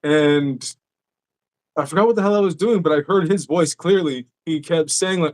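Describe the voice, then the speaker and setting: A man's voice: a little high, normal speed. Casual, profane male podcast host. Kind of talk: casual chat.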